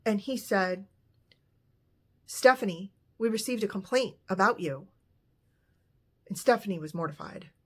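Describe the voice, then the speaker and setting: With a medium-pitched, slightly rough voice, a woman casually narrates a true story at a measured pace, pausing often. Her intonation is lively, and she lightly voices the characters when retelling what they said.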